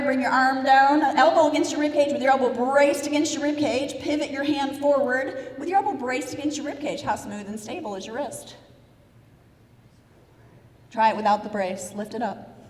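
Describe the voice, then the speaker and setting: An American woman giving a lively live keynote speech, telling a story and questioning and directing her audience. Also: high-pitched. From United States. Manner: energetic storyteller, asks audience questions, gives instructions. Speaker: motivational keynote speaker. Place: large event hall with audience. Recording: reverberant hall sound.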